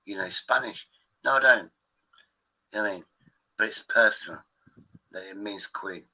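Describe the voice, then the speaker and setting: A man's voice: on the low side, pushed and bright, poor audio. A man chatting casually on a stream, swearing and joking. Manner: swearing, banter, quick asides. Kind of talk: casual chat.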